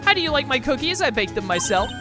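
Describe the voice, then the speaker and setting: A woman voicing a creepy, soft-spoken young woman in a game, flat and eerie. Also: high-pitched, quick pace, music in the background, voice pushed up.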